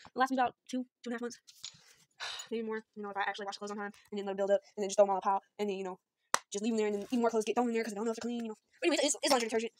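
A woman's voice: a little high, fairly even intonation, rapid-fire, a little mellow, slight background noise. A woman rambling casually through a shopping haul at home, filming on a phone. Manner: rambling, chatty, self-deprecating, southern y'all. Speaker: vlogger showing a shopping haul. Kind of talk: casual chat.

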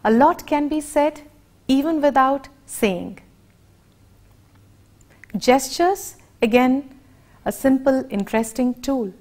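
Indian english woman teaching a class, slow careful expressive talk, highish voice. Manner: deliberate, expressive teaching delivery. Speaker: lecturer. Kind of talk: educational lecture.

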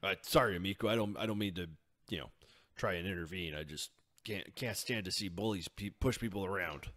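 A man voices an adventurer who speaks bluntly and steps in for a friend. The voice sits low and plain. He talks like someone ready to throw a bully out the door. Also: a little fast, fairly bright tone. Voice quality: blunt, gruff. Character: protective adventurer man, blunt, stands up to bullies.

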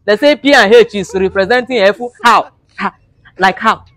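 A man's voice: sits high, normal speed, a bit bright, dry recording. Mock-outraged comic man. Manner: mock-outraged, pleading, broken English for laughs. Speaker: comedian. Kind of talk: comic monologue to camera.

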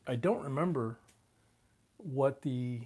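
A man's voice: medium pitch, slow pace, husky. A man hosting a casual live stream, greeting viewers by name, with the hiccups. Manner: relaxed, greets viewers by name, chews while talking.

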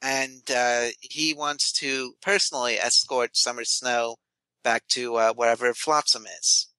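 A man playing a tabletop role-playing game, rambling and hesitant, with many pauses and fillers. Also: mid-range voice, level tone, bright, forceful tone, dry recording. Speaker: player.

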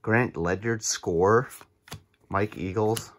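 A man chatting excitedly as he opens cheap card packs and reacts to each card on his channel. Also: lowish voice, takes it slowly, slight background noise. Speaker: card collecting channel host. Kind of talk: casual pack-opening commentary.

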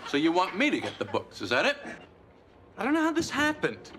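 A man's voice: high-pitched, huge pitch swings, fairly quick, a bit bright, slight background noise, exaggerated voice. An actor playing a dry-witted man who delivers wry, incredulous quips in a sitcom scene. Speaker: sitcom character. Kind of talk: sitcom acting.

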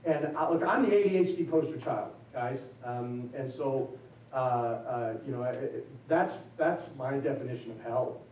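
A man giving a chapel sermon, swinging from loose, joking asides to slow, emphatic build-ups. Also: medium pitch, darkish tone, a little hiss or hum. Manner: conversational preaching with emphatic rising build-ups; loose and self-deprecating, with fillers and restarts. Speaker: chapel speaker. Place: college chapel. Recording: echoey chapel, mic at a distance.

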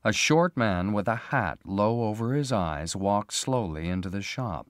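Male narrator, slow clear reading for English learners, lowish voice, lively intonation, dry close sound. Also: no room sound.

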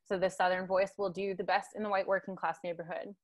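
A woman's voice: lowish voice, little pitch movement, fast, darkish tone. A woman giving a guest lecture over a video call, talking conversationally with many tag questions and fillers. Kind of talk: online lecture.

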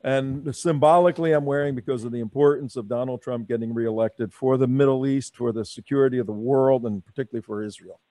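A middle-aged man hosting a live talk radio show, telling stories in a loud, animated, jokey way. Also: medium pitch, quick pace, few pauses, dry recording. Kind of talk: excited live radio chat.

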